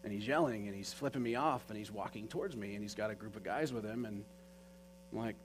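A man's voice: fairly low pitch, fast, low-quality recording. A man telling a personal story in an earnest, conversational way, with many fillers. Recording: faint mains hum.

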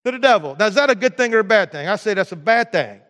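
High-voiced man preaching in a hall. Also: animated, quick pace, fairly bright tone. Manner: emphatic, repeats words and stammers into restarts. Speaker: pastor. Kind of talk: sermon. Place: church sanctuary.

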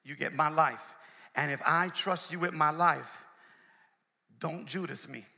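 Gravelly, bright-voiced preacher in a big hall. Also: male voice, on the high side, measured pace. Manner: emphatic call-and-response preaching, repeats phrases. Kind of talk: sermon. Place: church sanctuary. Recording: long hall reverb.

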